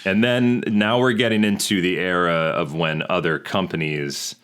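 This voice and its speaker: A man's voice: low-pitched, steady tone, normal speed, a bit bright, clean tone. A man co-hosting a podcast, chatting casually about movies in a rambling way, full of "like" and "you know". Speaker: podcast co-host.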